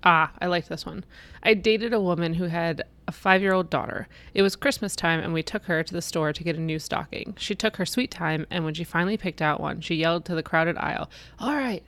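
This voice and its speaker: A woman's voice: on the low side, brisk, fairly bright tone. A woman in her thirties chatting casually and reading funny posts aloud, laughing often. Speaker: co-host.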